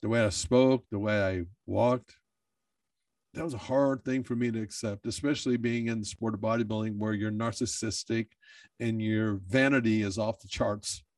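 A man's voice: on the low side, fairly even intonation, moderate pace, darkish tone, no room sound, far from the mic. Emotional, swearing bodybuilder man. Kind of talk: candid personal monologue.

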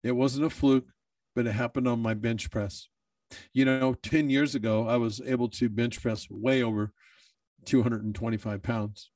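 A man's voice: mid-range voice, fairly even intonation, moderate pace, darkish tone, dry recording, far from the mic. A man who is a bodybuilder, talking in a candid personal monologue, emotional and swearing freely.

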